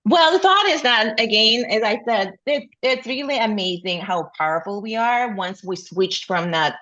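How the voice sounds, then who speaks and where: A woman's voice: mid-range voice, moderate pace, few pauses, a bit bright, lo-fi sound. A woman speaking as a coach in an interview, with frequent fillers and rhetorical questions. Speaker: burnout coach, guest. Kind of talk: interview answers.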